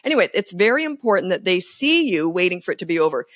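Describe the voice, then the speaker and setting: A woman's voice: on the low side, big pitch swings, fast, no room sound, clean studio sound. A woman speaking as a parenting coach guest in a casual podcast interview, blunt, emphatic and sure of herself. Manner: blunt, emphatic and self-assured.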